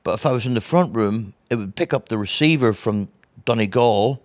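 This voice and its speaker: Low-voiced Northern Irish storyteller. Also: male voice, fairly quick, no room sound. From Northern Ireland. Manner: animated storyteller who acts out other people's voices. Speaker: guest comedian. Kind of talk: casual storytelling interview.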